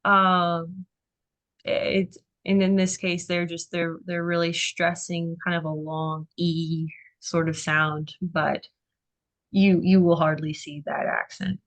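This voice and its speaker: Woman Greek tutor, slow and encouraging, with lots of fillers. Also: on the low side, flat delivery. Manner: encouraging, unhurried, with frequent fillers. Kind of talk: online tutoring session.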